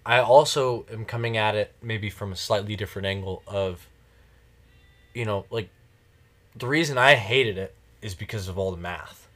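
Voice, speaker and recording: A man's voice: fairly low pitch, moderate pace, a bit bright. A man hosting a podcast, chatting casually in a rambling, jokey way with a friend. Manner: rambling, jokey, laughs often. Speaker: podcast host. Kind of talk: casual chat.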